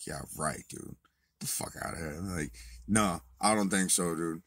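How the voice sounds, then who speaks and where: Deep husky man telling a wild story. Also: brisk. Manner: profane, animated retelling, swings from muttered to shouted. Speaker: vlogger. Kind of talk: casual storytelling monologue.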